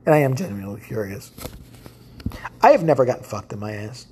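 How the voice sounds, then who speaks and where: A woman's voice: very deep voice, big pitch swings, brisk, darkish tone, a little hiss or hum. A woman hosting a solo podcast, ranting bluntly and profanely with lots of restarts. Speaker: podcast host. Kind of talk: casual solo podcast rant.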